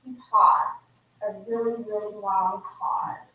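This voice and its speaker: Bright-voiced woman telling her story in an echoey hall. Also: a little high, unhurried, distant mic. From Laos. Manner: heartfelt, conversational, emotional. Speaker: guest author speaking at an event. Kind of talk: unscripted personal storytelling. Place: indoor museum exhibit event.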